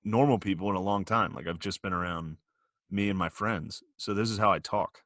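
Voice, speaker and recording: A man's voice: low-pitched, fairly quick, fairly bright tone, no echo, clean studio sound. A young man co-hosting a podcast, telling crude, profane stories and laughing often in casual banter. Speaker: podcast co-host.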